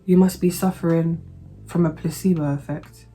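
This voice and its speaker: A woman's voice: lowish voice, steady tone, moderate pace, over music, natural voice. Woman mimicking a curt, dismissive lady doctor.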